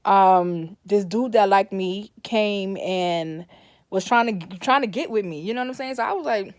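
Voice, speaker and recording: A woman's voice: medium pitch, a little slow, no echo, clean studio sound. A woman telling a personal story in a casual, rambling way, often correcting herself and livening up when she quotes her family. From Brooklyn, New York.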